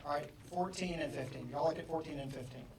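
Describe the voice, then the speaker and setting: A man giving a motivational seminar talk, acting out both sides of a story and rising to mock shouting. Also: fairly high pitch, fast, crowd noise. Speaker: motivational speaker. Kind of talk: live seminar talk with acted-out anecdotes. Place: seminar room with an audience. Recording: echoey room, distant mic.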